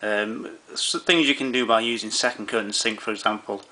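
A man's voice: fairly low pitch, steady tone, brisk, sharp tone. A man walking through camera menu settings in an easygoing way, with many fillers and restarts. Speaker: camera tutorial presenter. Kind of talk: explaining camera settings step by step.

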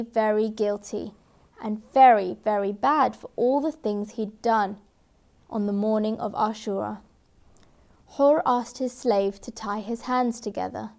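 A woman tells a children's story in a gentle, expressive voice. Her tone is fairly high and she stresses words for little listeners. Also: gravelly. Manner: gentle, expressive, with emphatic repeats.

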